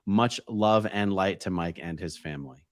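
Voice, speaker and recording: Male host, low voice, dry close mic, easygoing chat reader. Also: normal speed, no echo. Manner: reads viewer comments aloud, easygoing. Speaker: host reading live chat. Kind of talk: casual livestream chat.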